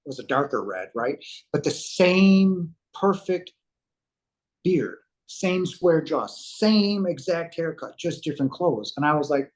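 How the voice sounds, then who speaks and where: A man's voice: fairly high pitch, lively intonation, unhurried, rough recording. A man, a guest on an interview show, retells a personal story at length, with acted-out quotes and frequent fillers.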